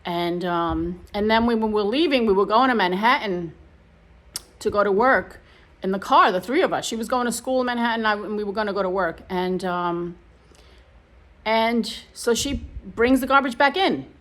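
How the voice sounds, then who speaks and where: A woman's voice: mid-range voice, moderate pace, fairly bright tone. A middle-aged woman vlogging, telling her own painful story in a casual, emotional, rambling way with many restarts. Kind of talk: casual personal storytelling to camera.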